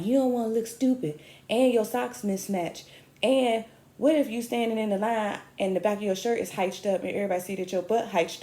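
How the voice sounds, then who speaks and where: Animated woman comic, roomy echo. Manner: animated, chatty, self-mocking with sudden high squeals. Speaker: comedian host. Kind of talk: comic storytelling monologue.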